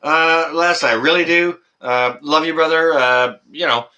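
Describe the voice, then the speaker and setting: A man from Canada hosting a live stream and taking calls, chatting casually with excited outbursts and lots of filler words. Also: on the high side, measured pace. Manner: excitable, loud exclamations, many fillers. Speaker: livestream host.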